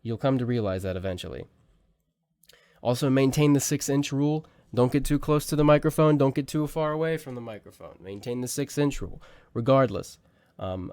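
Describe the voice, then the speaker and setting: A man's voice: medium pitch, a little fast, darkish tone, dry recording. A young man casually teaching voice acting at home, rambling with fillers and restarts into a close mic. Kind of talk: casual tutorial talk. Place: small home room.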